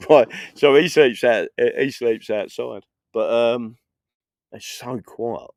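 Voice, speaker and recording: A man's voice: mid-range voice, drawn-out words, creaky, darkish tone, dry recording, clean studio sound. A middle-aged man live streaming, telling rambling anecdotes in casual chat and laughing often.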